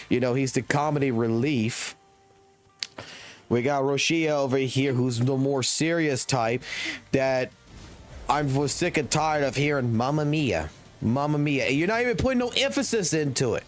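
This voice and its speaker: A man streaming live, giving blunt, slangy commentary on a game with heavy swearing. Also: mid-range voice. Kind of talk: casual ranting commentary.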